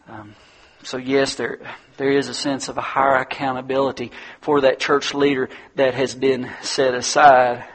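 A man's voice: medium pitch, fairly bright tone, slightly rough. A male pastor preaching a sermon, earnest and repeating words as he builds his points.

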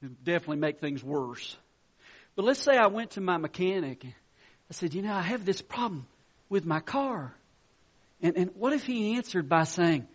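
A man with a high voice preaches from the pulpit. He tells everyday stories to make his point. His delivery swings between loud emphatic lines and soft, quiet ones. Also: expressive, a little fast. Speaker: pastor. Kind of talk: sermon.

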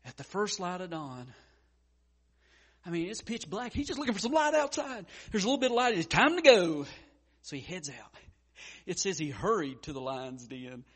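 Animated preaching man, swinging loud to hushed. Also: high-pitched, normal speed, slightly rough. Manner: frequent stammered restarts. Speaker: pastor. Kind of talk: sermon.

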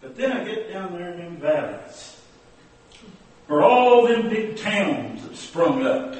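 A homespun old country preacher, voiced by a man with a drawl and a rural turn of phrase. His voice sits high and he unhurriedly lets each line land. The recording is heavily echoey and sounds as if the mic is well away from him. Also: distant mic. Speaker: storytelling preacher character. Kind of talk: comic monologue with hymn snatches.

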